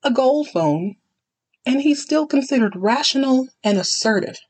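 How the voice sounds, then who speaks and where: A woman's voice: high-pitched, lively intonation, measured pace, a little mellow, husky, no room sound. Sassy woman recapping a TV show. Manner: sassy, dramatic, chatty. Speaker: podcast host. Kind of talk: casual TV recap commentary.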